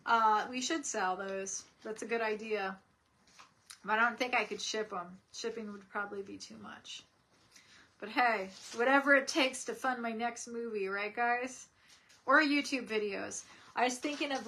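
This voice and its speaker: Chatty, giggly bright-voiced woman. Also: mid-range voice. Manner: chatty, giggly, reads viewer comments aloud. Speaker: streamer host. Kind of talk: casual live-stream chat.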